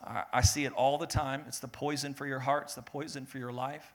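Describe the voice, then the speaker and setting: Young man preaching, bright voice, animated, swings between loud and hushed. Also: medium pitch, fairly quick. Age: young adult. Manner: animated, laughing, builds to loud peaks then drops to soft earnest tone. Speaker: pastor. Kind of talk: sermon.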